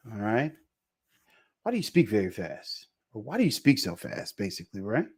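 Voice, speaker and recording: A man teaching a casual live online Spanish lesson, repeating phrases slowly for pronunciation. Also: lowish voice, huge pitch swings, breathy edge.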